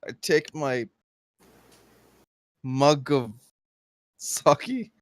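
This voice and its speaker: A man speaking in character at a tabletop game, slow and stammering. His pitch leaps around expressively, loud one moment and mumbled the next. The sound is dry and close. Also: sing-song, dry recording. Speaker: player. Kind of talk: in-character tabletop role-play.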